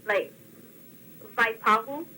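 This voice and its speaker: A woman calling in to a language lesson, speaking quietly and hesitantly, with apologies. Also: a little high, takes it slowly, low-quality recording. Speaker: caller.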